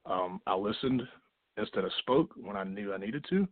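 Guy on a podcast, lowish voice, stops and restarts a lot, sounds like a phone line. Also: lively intonation, no echo. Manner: halting, many restarts and fillers. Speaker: wrestler guest. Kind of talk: casual podcast chat.

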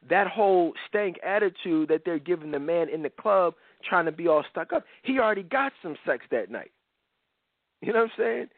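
A man's voice: high-pitched, no room sound. Blunt slangy male radio host. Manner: blunt and rambling, heavy slang, many restarts. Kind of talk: casual radio talk. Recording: dry tinny phone-line radio sound.

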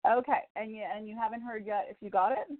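A woman's voice: fairly high pitch, steady tone, fast, no echo. Woman doing call-in card readings, chatty and encouraging, sounds like a dry phone line. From Chicago. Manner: warm encouraging, chatty with laughs. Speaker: radio psychic reader and host.

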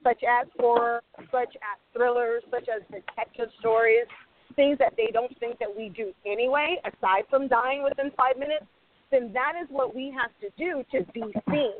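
A woman screenwriter speaks emphatically in an animated panel discussion, acting out snatches of quoted dialogue to make her points. Her fairly high voice is steady in tone and normal in speed, and the audio sounds tinny, like a phone.

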